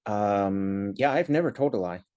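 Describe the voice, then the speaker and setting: Low-voiced man telling a halting story. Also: lively intonation, a little mellow. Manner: halting, many fillers, dry understated humor. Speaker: teen coach and podcast co-host. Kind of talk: casual chat, personal storytelling.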